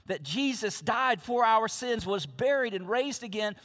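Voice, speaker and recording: High-pitched pastor guy preaching, hammers phrases over and over, big echoey church. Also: expressive, unhurried, fairly bright tone. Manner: emphatic, repeats key phrases. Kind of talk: sermon. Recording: long reverb of a large hall.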